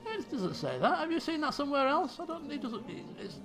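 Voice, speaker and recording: A man's voice: very high-pitched, very animated, brisk, a bit bright, soft background music. A man casually commentating his own strategy game playthrough, joking and thinking aloud. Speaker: let's play host.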